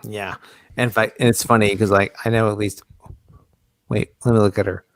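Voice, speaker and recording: A man's voice: fairly low pitch, little pitch movement, normal speed, creaky, no room sound. A man and small business owner in casual podcast chat, rambling with many restarts and self-corrections.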